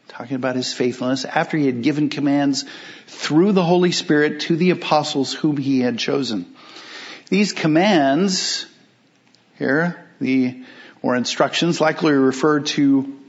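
A pastor preaches a sermon emphatically, posing rhetorical questions and slowing down on key phrases. His voice is medium-pitched and the sound is lo-fi.

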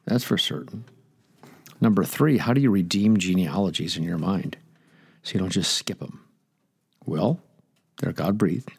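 Older male radio pastor, casual and digressive, husky tone, dry studio sound. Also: low voice, a little slow, long pauses, a little mellow, dry recording. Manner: chatty, rambling, jokey asides. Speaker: pastor and radio Bible teacher. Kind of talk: casual Bible teaching on air.

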